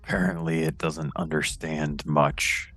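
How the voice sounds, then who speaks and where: A man playing a tabletop role-playing game, describing his character's actions in a gravelly voice. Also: a bass voice, flat delivery, measured pace, a bit bright. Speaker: player.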